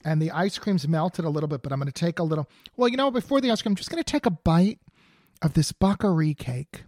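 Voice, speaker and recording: A woman podcast host with a lowish, very lively voice, chatting casually and exclaiming as she tastes things. The sound is dry and close, with no room echo. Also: quick pace. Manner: playful, exclaims while tasting. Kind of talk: casual chat, tasting food on a podcast. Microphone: podcast mic, guest on video call.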